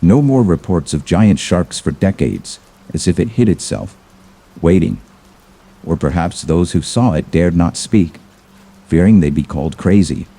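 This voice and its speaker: A man narrating a scripted horror story in a measured, ominous manner. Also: sits low, big pitch swings, dark tone, breathy edge.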